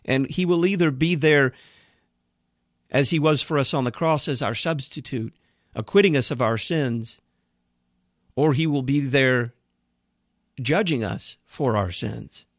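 A man's voice: mid-range voice, unhurried, pauses often, no echo, clean studio sound. A man hosting a radio program, critiquing a sermon he has just played in an emphatic, preaching manner.

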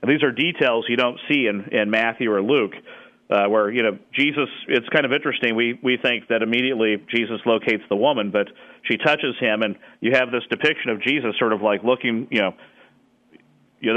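A man's voice: mid-range voice, muffled recording. Thoughtful man explaining with many fillers. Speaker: Bible scholar guest. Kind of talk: conversational explanation.

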